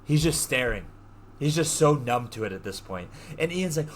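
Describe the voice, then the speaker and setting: A man hosting a podcast, retelling a story in a casual, animated way, full of slang and swearing. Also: medium pitch, normal speed, a little hiss or hum. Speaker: podcast host. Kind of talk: casual chat.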